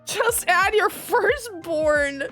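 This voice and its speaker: A loud male infomercial pitchman, as a woman puts him on, hammering out deals in a booming sales patter. The delivery is unhurried and drawn out, with a faint bed of music behind the voice. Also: lively intonation, heavily acted. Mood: hard-selling.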